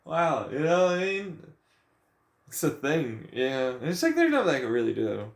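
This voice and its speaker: A man's voice: on the high side, big pitch swings, moderate pace, creaky. A young man venting in a profane, agitated, rambling rant about his life. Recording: echoey room.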